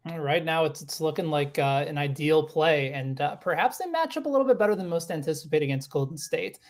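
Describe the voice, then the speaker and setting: A man hosting a sports betting podcast, steering the talk in a measured way with frequent "uh" fillers. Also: fairly high pitch, expressive. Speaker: podcast host. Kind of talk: casual podcast chat.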